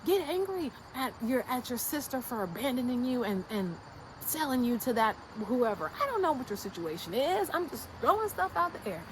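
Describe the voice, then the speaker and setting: American woman vlogger, a little high-voiced, blunt and slangy, repeats herself for emphasis. Faint noise behind her. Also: big pitch swings, normal speed. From United States. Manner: fired-up and insistent. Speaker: YouTube creator. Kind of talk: casual motivational rant to camera.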